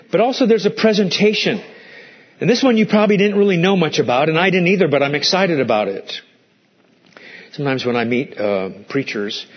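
A pastor preaching a sermon, animated, his voice jumping up when he gets excited. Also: a little high, husky, lo-fi sound.

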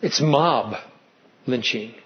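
A man preaching a sermon as pastor, animated and swinging between loud and hushed, sometimes asking the congregation questions. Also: medium pitch, slow, muffled recording.

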